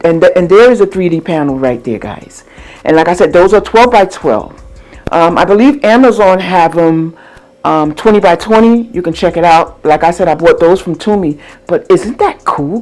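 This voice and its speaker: A woman's voice: on the low side, a little mellow. A woman hosting a casual crafting how-to vlog, chatty and upbeat, talking straight to her viewers. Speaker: crafting vlogger.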